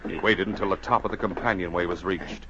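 A man's voice: low voice, fairly even intonation, fast talker. Male narrator, suspenseful radio storytelling, muffled old recording, hiss.

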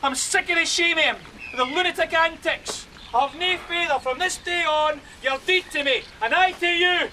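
A hard young Scottish policeman who cuts and accuses. His voice is high and bright. It is a film drama. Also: moderate pace, slight background noise, heavily acted, low-quality recording. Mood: bitter. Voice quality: cutting, accusing. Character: resentful young male policeman son, hard. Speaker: actor.

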